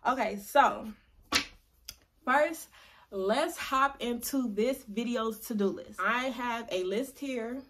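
A woman's voice: fairly high pitch, a bit bright. A young adult woman chatting to camera in a casual vlog, playful and chatty, drawing out words for emphasis. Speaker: vlogger.

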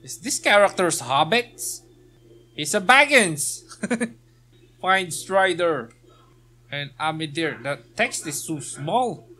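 Man, slow easygoing delivery, bright voice, gameplay commentary, reads quest text, jokes and laughs. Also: a little high, animated. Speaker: let's play gamer.

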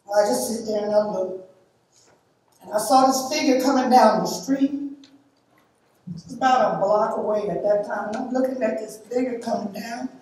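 At a memorial service in a church or memorial hall, a woman giving a eulogy reads scripture and shares heartfelt, emphatic memories. Her voice is on the high side and a little mellow, at normal speed with frequent pauses, recorded from a distance in an echoey hall.

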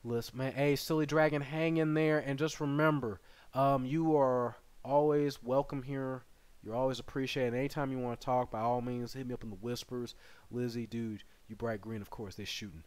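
A man streaming a game live and chatting with viewers, excitable and slangy, jumping from loud shouts to low mutters. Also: normal speed, clean tone. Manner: slangy, playful banter with chat. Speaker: gaming streamer. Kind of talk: live gameplay commentary reading chat.

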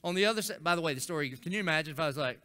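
A middle-aged man, preaching a folksy, animated storytelling sermon as a senior pastor. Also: a little high, racing, clean tone. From Florida. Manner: folksy, animated storytelling with acted-out quotes and rising intensity.

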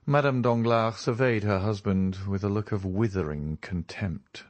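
A man narrating a classic novel as an audiobook in a measured, expressive reading. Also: fairly low pitch, no room sound. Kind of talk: scripted narration.

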